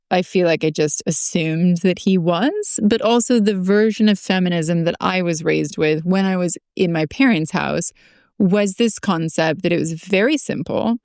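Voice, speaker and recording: A woman with a lowish, gravelly voice talks through her thoughts in an easy, chatty podcast conversation. The sound is close and dry, with no room around it. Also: a little mellow, no echo. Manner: reflective, loose and chatty. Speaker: podcast co-host. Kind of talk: casual conversational chat.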